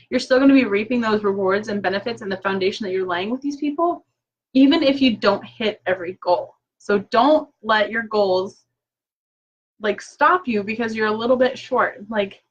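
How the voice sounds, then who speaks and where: A woman's voice: fairly high pitch, normal speed, muffled recording. A woman chatting casually and upbeat through a live-stream recap from her home office, full of fillers and quoted asides. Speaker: direct sales consultant. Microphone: laptop mic.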